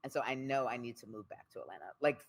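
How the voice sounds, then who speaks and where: A woman guest, a spoken word poet, talking candidly in an interview, expressive and emphatic, repeating phrases for rhythm. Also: extremely low pitch, quick pace.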